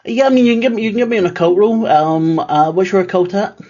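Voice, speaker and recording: A man's voice: high voice, fast, a little mellow, lo-fi sound. A man running a tabletop horror game as keeper, talking casually with lots of fillers and restarts. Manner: rambling, filler-heavy, self-deprecating.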